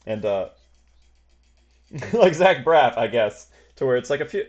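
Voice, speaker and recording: A man's voice: mid-range voice, big pitch swings, unhurried, muffled recording. A man narrating as game master for a tabletop game, rambling and stringing his descriptions together with many fillers and hedges.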